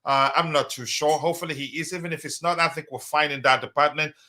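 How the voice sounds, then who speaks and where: A man's voice: on the high side, steady tone, quick pace, bright, forceful tone. A man hosting a casual live stream, talking loosely with many fillers and reading out viewers' messages. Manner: hesitant, many fillers, reads chat aloud.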